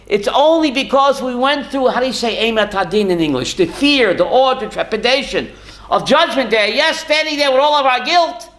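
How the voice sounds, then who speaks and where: A man's voice: extremely high pitch, expressive, moderate pace, a bit bright. A rabbi teaching a class, asking questions to his students and answering them himself, with Hebrew and Yiddish terms worked into his talk. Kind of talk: Torah class.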